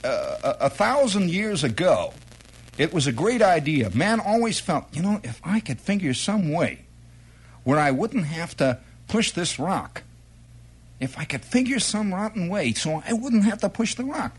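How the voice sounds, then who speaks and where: A man's voice: normal speed, husky. A middle-aged man telling a rambling comic monologue, jumping into quoted voices and exclamations. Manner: rambling, animated storytelling with sudden high-pitched quoted exclamations. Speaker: comedian.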